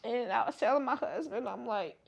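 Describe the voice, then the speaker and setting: A young woman speaks in an emphatic interview testimony, hammering each point home through repetition. Her voice sits a little high and carries a gravelly edge. She sounds close to tears. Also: a little fast. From Georgia, US. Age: young adult.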